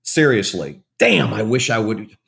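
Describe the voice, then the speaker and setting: A man's voice: lowish voice, very animated, unhurried, creaky, a bit bright. A man speaking as a guest author in an interview, frank and self-deprecating, often restarting his sentences. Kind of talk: candid conversational interview.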